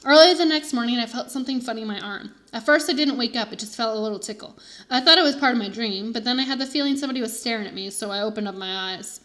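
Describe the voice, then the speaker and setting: Teacher reading a children's book aloud. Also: female voice, fairly high pitch, fast talker. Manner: expressive first-person narration. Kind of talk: storybook read-aloud for children.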